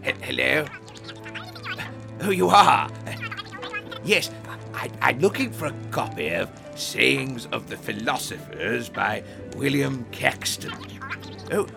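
Hesitant stuttery guy, talks real slow, gravelly voice, music playing. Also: mid-range voice, animated. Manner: hesitant, stammering, bumbling. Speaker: comedy sketch performer. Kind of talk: comedy sketch acting.

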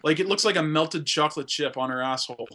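Man, podcast host, excitable, crude casual chat, bright voice. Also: fairly high pitch, quick pace. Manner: excitable, jumps into silly put-on voices.

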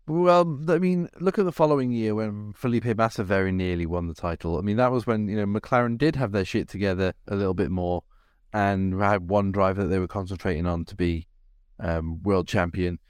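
Podcast co-host, English man, low voice, rambling and reflective, dry close sound. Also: fairly quick, few pauses, clear, resonant tone, dry recording. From England. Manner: rambling, reflective, many fillers. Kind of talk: casual chat.

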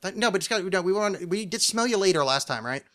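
A man's voice: sits high, lively intonation, fast talker, pushed and bright. A man co-hosting a podcast in casual chat, rambling and joking with lots of filler words. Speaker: podcast co-host.

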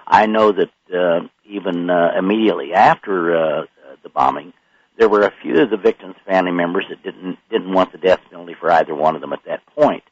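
Deep-voiced older man, halting radio guest. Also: no echo. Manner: halting, many pauses and fillers. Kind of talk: radio interview. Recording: dry, slightly muffled radio audio.

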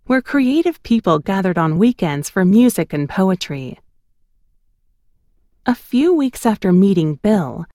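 A woman narrating her memoir in an expressive, storytelling cadence on a close studio mic. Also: medium pitch, dry recording.

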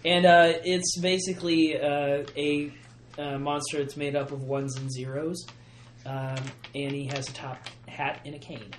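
A man's voice: on the high side, flat delivery, unhurried. A man describing his character at a tabletop game, joking and stop-start. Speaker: player. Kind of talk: casual chat at a game table. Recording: noisy, echoey room.

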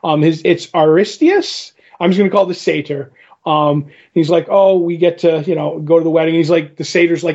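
A man co-hosting a podcast in casual comic book chat, retelling scenes with animated character lines. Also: a little high, normal speed, creaky, highs cut off. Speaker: podcast co-host.

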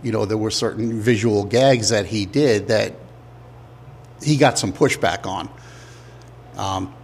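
A man hosts an interview in a relaxed, conversational way. His voice sits low, with a faint background noise behind it. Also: a little slow. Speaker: interviewer host.

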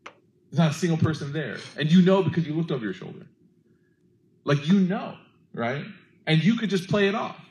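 A man giving a sermon, telling a story with animated, acted-out quotes. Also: on the high side, normal speed, long pauses, roomy sound, rough recording. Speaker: preacher.

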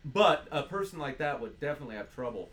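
A man's voice: a little high, sing-song, fast talker, a bit bright, a little hiss or hum. A man hosting a casual chat, trading blunt profane banter. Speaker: podcast host.

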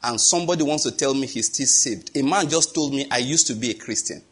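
A man's voice: medium pitch, fairly quick, a bit bright, breathy edge. A middle-aged man with a Nigerian accent preaching a sermon, telling stories, acting out the dialogue and laughing at his own jokes. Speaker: pastor.

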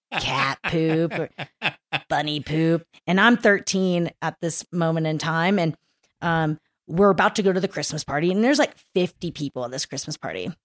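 A woman from East Texas, a climbing guide, telling stories as a podcast guest with lots of laughter in a rambling, animated way. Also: deep voice. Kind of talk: casual podcast chat. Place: recorded in a mountain town in Colorado.

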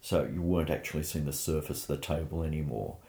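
A man, a painter, telling anecdotes in an animated way during an interview. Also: a bass voice, fast talker, vocal fry. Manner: anecdotal, animated storytelling with laughs.

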